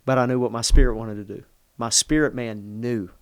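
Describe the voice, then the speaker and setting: This middle-aged pastor's mid-range voice stays steady as he talks briskly, hardly pausing. He recounts a personal story in conversation with earnest feeling, frequently interrupting himself to rephrase. No room sound is audible.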